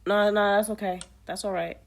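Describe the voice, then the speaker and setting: A woman's voice: mid-range voice, steady tone, normal speed. A woman playing a trivia app, reading the questions aloud and muttering casual commentary to herself as she plays.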